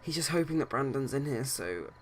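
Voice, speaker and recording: A man's voice: mid-range voice, big pitch swings, a little fast, a bit bright, a little hiss or hum. A man casually narrating his life-sim game let's play, rambling with many hesitations and restarts. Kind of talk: casual game commentary and storytelling.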